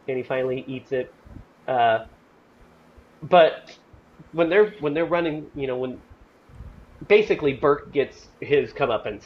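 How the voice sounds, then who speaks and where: Man, podcast host, casual movie chat, enthusiastic, rambling, slightly muffled, faint background hiss. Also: medium pitch.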